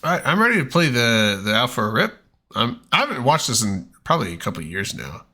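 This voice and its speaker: A man's voice: medium pitch, very animated, quick pace, sharp tone. A man hosting a stream, chatting casually and eagerly while reacting to a song. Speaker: streamer host.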